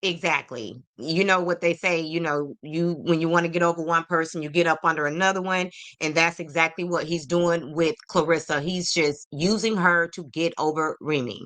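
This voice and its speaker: A woman's voice: deep voice, fairly even intonation, moderate pace, hardly any pauses, fairly bright tone. A woman hosting a celebrity gossip podcast, sassy and opinionated, talking straight to her viewers. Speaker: podcast host.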